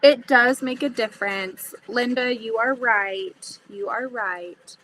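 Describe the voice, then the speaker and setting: A woman's voice: a little high, takes it slowly, fairly bright tone, slight background noise. A woman hosting a casual sewing livestream, chatting to viewers and thinking aloud as she cuts fabric. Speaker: livestream host.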